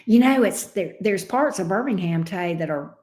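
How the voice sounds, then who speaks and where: A woman's voice: medium pitch, lively intonation, normal speed, a little mellow, reverberant. A woman with a Southern US accent, a tarot reader chatting casually with viewers on a livestream, laughing often and swearing freely. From coastal Alabama, US.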